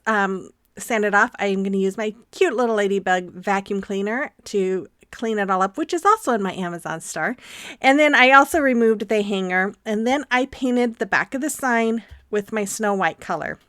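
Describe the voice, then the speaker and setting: A woman's voice: medium pitch, a bit bright, clear, resonant tone, dry recording, studio quality. A woman hosting a craft tutorial, talking casually with frequent ums as she explains each step. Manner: chatty, friendly, frequent ums. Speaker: craft channel host.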